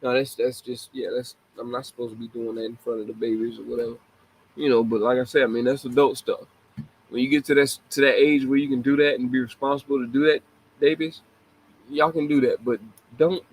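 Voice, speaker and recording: A man's voice: medium pitch, steady tone, brisk, a little hiss or hum, low-quality recording. A man in his forties hosting a casual live talk show, laughing often and apologizing to young listeners he calls babies. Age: 40s. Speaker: show host.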